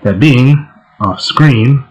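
A man's voice: medium pitch, very slow, rough recording. A man hosting a let's play, giving casual gameplay commentary in a laid-back, joking way.

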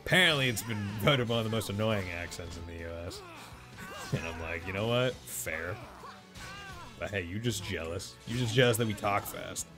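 Brief: male streamer, Boston accent, lowish pitch, bright edge, loose rambling chat, faint game music underneath. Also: expressive, a little fast. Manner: rambling, lots of fillers and laughs. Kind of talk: casual let's-play chat.

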